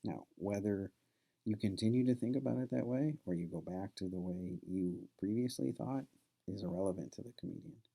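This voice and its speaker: A man's voice: fairly low pitch, a little fast, vocal fry, dark tone, slightly rough. A man who is a college professor, talking casually to his class and telling a story, loose and conversational with plenty of fillers. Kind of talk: classroom lecture with anecdote.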